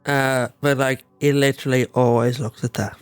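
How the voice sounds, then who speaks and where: A man, co-hosting a podcast in casual chat, blunt and wry with quick interjections. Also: medium pitch, flat delivery, smooth, no echo, faint music behind. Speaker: podcast co-host.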